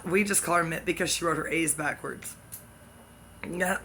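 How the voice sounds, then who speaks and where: A speaker delivering a rambling comic monologue that jumps between topics, with excitable outbursts and sudden drops into whispers. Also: mid-range voice, moderate pace, slight background noise.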